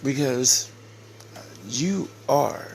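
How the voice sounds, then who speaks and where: A man giving a slow, repetitive, scolding casual rant to camera as a vlogger. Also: mid-range voice, creaky, slight background noise.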